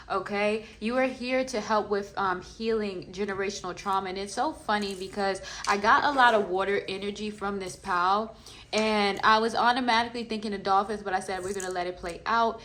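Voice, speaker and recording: A woman's voice: mid-range voice, fairly bright tone, slight background noise, poor audio. A woman giving a pick-a-card tarot reading to her viewers, chatty and reassuring, with many fillers. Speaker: tarot reader.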